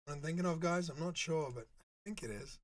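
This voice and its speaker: A man live-streaming in casual chat with his viewers, his voice squeaky and hoarse from a sore throat. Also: fairly quick. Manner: chatty, talks to viewers while setting up.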